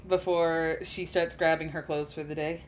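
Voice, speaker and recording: Woman GM, low voice, casual scene narration. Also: flat delivery, moderate pace, slight background noise. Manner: casual, with fillers, describes scenes. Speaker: game master. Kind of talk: narrating a tabletop game.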